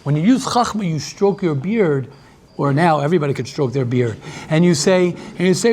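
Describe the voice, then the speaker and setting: A man who is a rabbi giving a lively class, repeating himself and restarting often as he talks with the audience. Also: on the high side, moderate pace.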